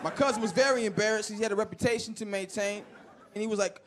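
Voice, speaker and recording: A man performing a stand-up comedy set, telling stories with animated delivery, loud bursts and acted-out voices. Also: sits high, fairly quick. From Chicago. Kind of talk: stand-up set before a live audience. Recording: live club set with audience laughter.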